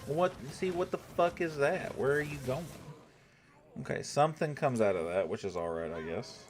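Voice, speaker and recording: A man's voice: mid-range voice, moderate pace, faint music behind. A young man streaming a strategy game, thinking aloud to his chat and swearing when irritated. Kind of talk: casual gameplay commentary to chat.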